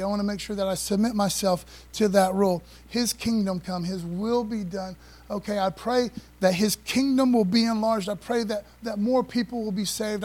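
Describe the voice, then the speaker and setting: A man preaching a sermon to his church, animated and repeating phrases, calling on the congregation to answer back. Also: high voice, low-quality recording. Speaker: pastor.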